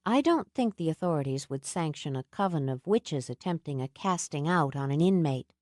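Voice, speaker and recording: A woman narrator voicing a calm, self-assured woman who weighs her words deliberately. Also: low voice, dry recording, clean studio sound. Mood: measured. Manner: measured, deliberate.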